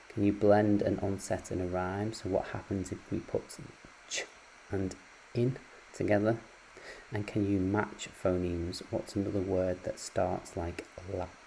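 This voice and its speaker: A man's voice: low-pitched, vocal fry, warm tone, slight background noise, low-quality recording. A man teaching phonics in a patient, explanatory way, with frequent ums and uhs. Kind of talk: recorded lecture on phonics.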